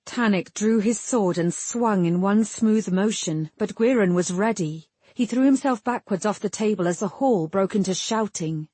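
A woman narrates a fantasy audiobook in a steady, measured way. Her voice is mid-pitched and a little husky, recorded dry and close. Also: no echo.

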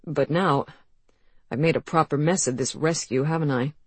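A woman voicing a grim, shivering young male writer with a hoarse, dry, self-mocking way of talking, in an audiobook. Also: low-pitched, normal speed, darkish tone, dry recording. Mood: rueful. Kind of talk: audiobook character voice.

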